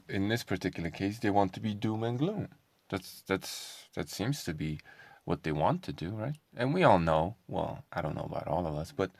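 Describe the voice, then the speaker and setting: A man's voice: sits low, vocal fry, a little mellow, no room sound. A man talking in a casual commentary vlog, sarcastic and combative, firing off rhetorical questions. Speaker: online commentator.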